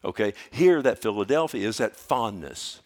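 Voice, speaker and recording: A middle-aged man preaching a sermon as a pastor, swinging from loud urgency to hushed storytelling and repeating phrases for emphasis. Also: lowish voice, animated, moderate pace. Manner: repeats phrases, with filler restarts.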